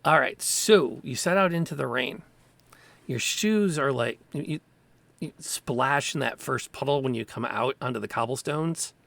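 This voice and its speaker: Gravelly-voiced man running a tabletop game. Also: medium pitch, moderate pace, dry recording. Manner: relaxed, descriptive, with small vocal sound effects. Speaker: game master. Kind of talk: narrating a tabletop game over a video call.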